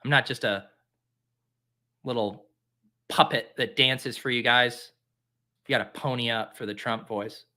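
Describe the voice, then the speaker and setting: Guy hosting a fantasy football stream, bright tone, chatty and self-mocking, average pitch. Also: steady tone, measured pace, long pauses. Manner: rambling, self-mocking, talks to viewers. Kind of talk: casual live drafting commentary.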